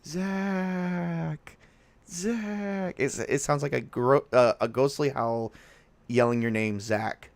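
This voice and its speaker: A man's voice: mid-range voice, fairly even intonation, a little slow, gravelly, no room sound. A man narrating a tabletop horror game as game master, in a casual way with frequent restarts.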